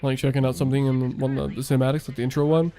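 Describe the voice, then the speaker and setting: A man's voice: medium pitch, level tone, very fast, warm tone, a little hiss or hum. Rambling young man streaming late. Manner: rambling, heavy on fillers. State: voice worn out late at night. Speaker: streamer and game developer. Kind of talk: casual gaming stream chat.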